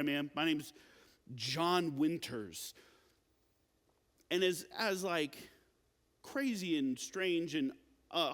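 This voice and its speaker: A young man with a high, light voice gives a youth sermon in a big hall whose long reverb trails after every phrase. He talks casually and animatedly, full of filler words, like a storyteller chatting with teenagers. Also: a bit bright. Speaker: youth pastor.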